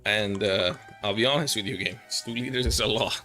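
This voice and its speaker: A man's voice: on the low side, normal speed, bright, forceful tone, faint music behind. A young man streaming a game, chatting casually in a rambling, joking way and swearing freely. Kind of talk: casual livestream chat.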